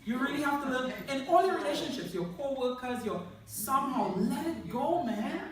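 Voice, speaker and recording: A woman's voice: high voice, animated, moderate pace, crowd noise. A woman counselor giving a humorous talk to an audience, telling jokes and anecdotes. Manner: jokey anecdotal storytelling. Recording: echoey hall from far off.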